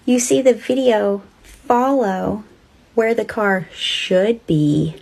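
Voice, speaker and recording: A woman's voice: medium pitch, animated, slow, gravelly, a little mellow. A woman telling a ghost story in a chatty, dramatic way, talking straight to her listeners. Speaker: storyteller host.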